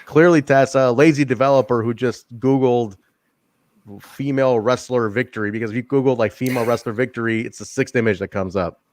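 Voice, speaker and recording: A man's voice: mid-range voice, steady tone, brisk, a little mellow, slight background noise. A man co-hosting a wrestling podcast, chatting in a loose, rambling way and swearing casually. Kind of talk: casual chat.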